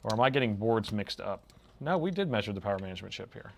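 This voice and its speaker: A creaky, low-sided voice belongs to a middle-aged man talking quickly and expressively. He narrates live while repairing a laptop, measuring as he thinks aloud in a laid-back drawl that tacks "man" onto what he says.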